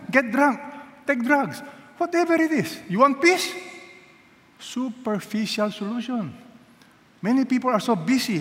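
A man delivers a sermon with emphatic, swinging delivery, firing rhetorical questions at his listeners. His voice sits a little high. It rings out with a long reverb in a large hall. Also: fairly bright tone. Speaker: pastor.

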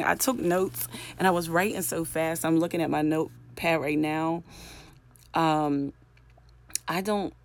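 Tired, rambling low-voiced woman podcaster. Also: gravelly. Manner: tired, rambling, self-interrupting. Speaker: podcast host. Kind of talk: rambling solo podcast monologue.

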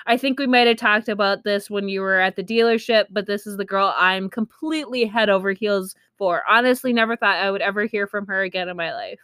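A woman's voice: mid-range voice, brisk, few pauses, a bit bright, clear, resonant tone, no room sound, studio quality. A young woman telling a candid, chatty story about her own life, full of fillers, and laughing at herself. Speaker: streamer. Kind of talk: casual storytime.

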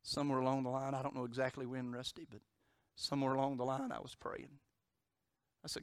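A man preaching a sermon as pastor, moving from loud emphatic declarations to hushed storytelling. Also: mid-range voice, level tone, fairly quick, clean tone, no echo, clean studio sound.

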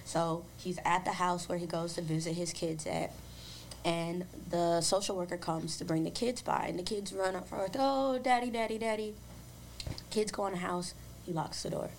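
A woman on a podcast retelling a true-crime case in a casual, animated way, slipping in voices for the people in the story. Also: lowish voice, moderate pace, creaky, slight background noise. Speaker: podcast co-host.

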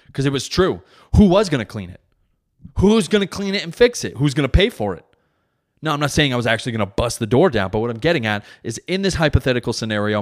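Low-voiced man telling profane stories. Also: a bit bright. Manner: profane, rambling, self-correcting. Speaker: comedian podcast host; father. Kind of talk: casual storytelling monologue.

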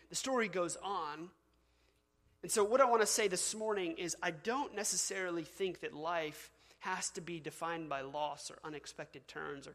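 A man's voice: on the high side, fairly bright tone. A man preaching a sermon as pastor, conversational, with fillers and asides. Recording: long hall reverb.

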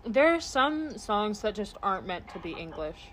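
A woman's voice: mid-range voice, moderate pace, slight background noise. Swearing, ranting woman in casual chat. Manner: swears freely, animated rants. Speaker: podcast co-host.

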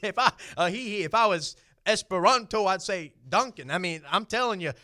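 A man's voice: high voice, animated, moderate pace, sharp tone. A middle-aged man with a Southern US accent preaching a sermon in a folksy way, repeating phrases and building to emphatic points.

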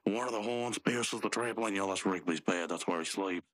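A man's voice: low-pitched, fairly quick. A man co-hosting a podcast, retelling a cartoon episode in loose, rambling storytelling full of asides. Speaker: podcast co-host. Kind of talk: casual chat recapping a cartoon.

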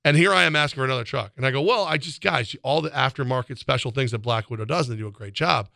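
Man, sports radio co-host, rambling excitable storyteller, bright voice, dry close mic. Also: mid-range voice, quick pace, gravelly, no echo. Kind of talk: sports talk and live-read ad.

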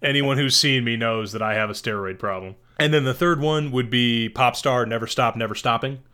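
A man's voice: medium pitch, fairly quick, sharp tone, clean tone. A man co-hosting a podcast, giving casual, rambling movie recommendations and correcting himself as he goes. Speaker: podcast co-host.

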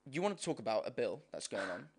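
A man's voice: mid-range voice, big pitch swings, fast talker, creaky, slightly rough. British man chatting loosely on a podcast. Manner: rambling, many "like" fillers. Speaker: podcast co-host. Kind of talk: casual faith-based chat.

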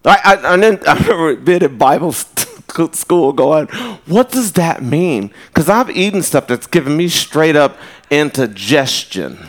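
Male pastor, sermon delivery, a bit high-voiced, loose and chatty with storytelling asides. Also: animated. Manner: conversational storytelling with quick asides and laughs. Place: church.

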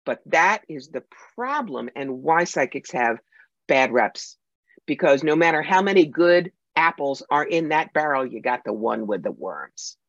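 A woman's voice: low-pitched, expressive, unhurried, no echo. Punchy storytelling woman guest, muffled audio. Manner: emphatic, punchy anecdotal storyteller. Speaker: guest, psychic medium and author. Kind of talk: podcast interview, storytelling. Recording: dull lo-fi sound.

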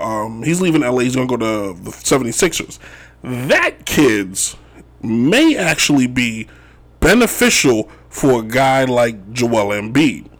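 A man hosting a casual sports talk show, rambling and joking about basketball moves, often tossing in "if you will.". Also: mid-range voice. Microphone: wearing Chicago sports gear.

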